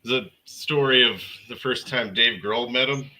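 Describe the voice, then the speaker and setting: A man's voice: mid-range voice, measured pace, bright, forceful tone, poor audio. A man co-hosting a live stream, chiming in with laid-back stories. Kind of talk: casual live-stream chat.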